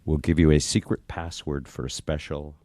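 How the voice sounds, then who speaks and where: A man's voice: a bass voice, little pitch movement, normal speed, mellow, dry recording, studio quality. A man hosting a radio show in casual chat, prompting his guest and wrapping up with promos. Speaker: radio host.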